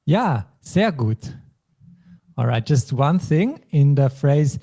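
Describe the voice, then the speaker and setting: A man's voice: a little high, sing-song, takes it slowly, dark tone. A man from German-speaking Europe hosting a language lesson, patiently explaining phrases and vocabulary step by step. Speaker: language teacher.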